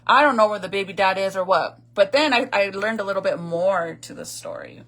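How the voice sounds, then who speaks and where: A woman gives casual storytime commentary, chatty and blunt, with curse words dropped in freely. Her voice is bright and forceful, at a middling pitch. She talks straight to her viewers as if they were friends. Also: brisk. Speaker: vlogger retelling a viral video.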